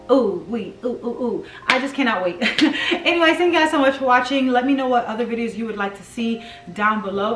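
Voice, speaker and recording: A woman's voice: on the high side, fairly bright tone. A woman gushing over her decor finds in a casual, chatty haul vlog. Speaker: home decor vlogger. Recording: echoey room, mic at a distance, music behind.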